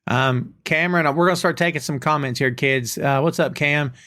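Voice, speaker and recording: A man's voice: on the high side, moderate pace, sharp tone. A man hosting a podcast, talking in an opinionated, casual way straight to his listeners. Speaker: podcast host. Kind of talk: casual chat.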